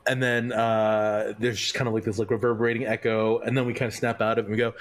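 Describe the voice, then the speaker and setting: A man's voice: lowish voice, little pitch movement, fast talker, few pauses, faint music behind. A man playing a tabletop role-playing game, rambling and hesitant as he describes his turn. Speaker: player.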